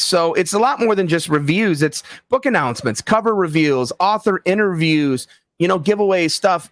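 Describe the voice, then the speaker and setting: A man chatting casually as an interview guest, telling anecdotes with lively acted-out quotes. His voice sits a little high for a man. The sound is dry and close. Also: no room sound. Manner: animated storyteller, acts out quoted voices. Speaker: author and book site founder, guest.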